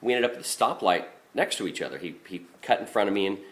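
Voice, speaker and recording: A man's voice: lowish voice, lively intonation, fast talker, a bit bright. A man who drives a garbage truck, telling work stories in a casual, rambling monologue, blunt and profane with frequent restarts.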